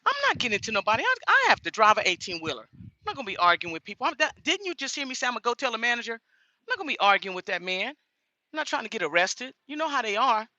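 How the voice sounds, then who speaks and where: Middle-aged lady trucker vlogging in a store, real lively voice, bright and sharp, dry close phone sound. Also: fairly high pitch, quick pace, no echo. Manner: outspoken, animated storytelling. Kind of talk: casual vlog chat. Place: inside a grocery store.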